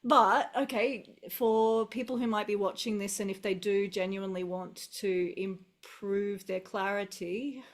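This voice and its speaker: A middle-aged woman with an Australian accent talks in a relaxed, musing way over a video call. Her voice sits at an ordinary middle pitch. She circles back and restarts as she works through her thoughts. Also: a little slow, few pauses. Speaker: English teacher guest. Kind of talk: casual video call conversation.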